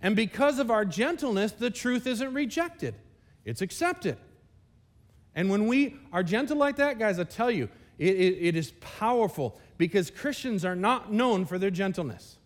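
A man's voice: high voice, expressive, moderate pace. A man preaching a sermon at a church service, talking conversationally and with energy, often turning to the congregation with asides. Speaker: pastor.

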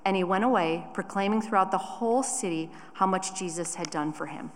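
A woman reading a scripture passage aloud in a measured, deliberate way during a church service. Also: fairly low pitch, a little hiss or hum. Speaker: scripture reader. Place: church sanctuary. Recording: long church reverb.

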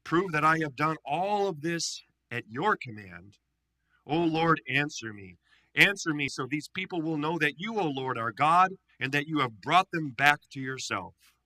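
Man reading as a bold prophet, commanding, bright and cutting tone. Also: a little high, animated, unhurried, exaggerated voice, rough recording. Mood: pleading prayer. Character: bold older male prophet challenging rivals.

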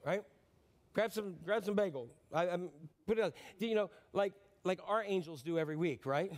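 A man preaching a sermon as pastor, animated and joking, with quick asides to the congregation. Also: high voice.

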